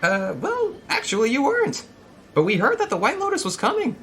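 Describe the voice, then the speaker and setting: A man voicing an eager, chatty male tour guide who talks in a high, excitable, overly welcoming way. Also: brisk, a little hiss or hum, heavily acted.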